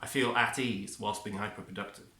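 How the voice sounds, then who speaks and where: Guy rambling on about his day plan, lowish voice but bright and tense, echoey room. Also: fairly even intonation, fairly quick. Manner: rambling, self-interrupting, upbeat. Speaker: vlogger. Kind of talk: casual self-help monologue.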